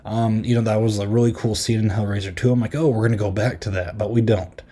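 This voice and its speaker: A man hosting a podcast, casually recapping a horror film with lots of "like" and "um" and quick half-acted quotes. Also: fairly low pitch, steady tone, warm tone. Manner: rambling, filler-heavy recap with frequent "like" and "um"; easily amused, retells scenes with quick half-acted quotes. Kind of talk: casual chat.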